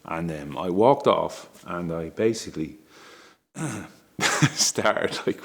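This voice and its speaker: A middle-aged man telling a candid, emotional story about his family, halting and restarting with small laughs. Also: sits low, animated. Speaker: father telling a personal story.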